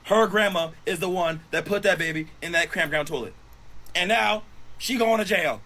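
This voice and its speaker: Man, high voice, casual storytelling, animated, swears, acts out each quote. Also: normal speed, rough recording. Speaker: storyteller on social video.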